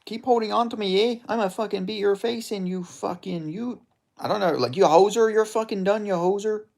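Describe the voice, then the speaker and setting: A man's voice: high-pitched, a little fast, vocal fry, voice pushed up. A man voicing a brash, trash-talking Canadian fighter with a put-on Alberta accent, taunting and tacking 'eh' onto his lines. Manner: taunting, shouty, ends lines with 'eh' and 'hoser'.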